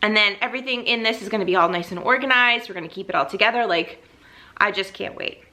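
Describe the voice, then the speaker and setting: A woman's voice: mid-range voice, very fast, sharp tone. A young woman chatting to her camera as a vlogger, bubbly and gushing, a little out of breath, peppering her talk with "like". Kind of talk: casual chat to camera. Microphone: camera mic, seated.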